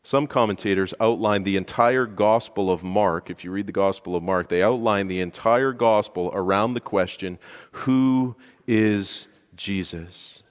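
A man preaching a sermon, telling a story with lively emphasis, rising loud at key points and dropping to near quiet for dramatic moments. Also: sits low, moderate pace, hardly any pauses. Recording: long hall reverb.

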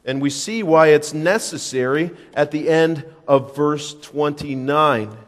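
Guy giving a sermon, kinda high voice, big echoey church, speeds up then drags out the big words. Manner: emphatic preaching, swings between quick asides and slow stressed phrases. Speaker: pastor.

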